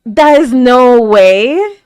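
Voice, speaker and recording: A woman reacts aloud to an anime episode, her high voice leaping all over its range. She gasps, stammers and exclaims nonstop. The sound is close and dry. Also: lively intonation, drawn-out words, a little mellow, clean tone, dry recording. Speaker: reaction video host. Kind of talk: live anime reaction commentary.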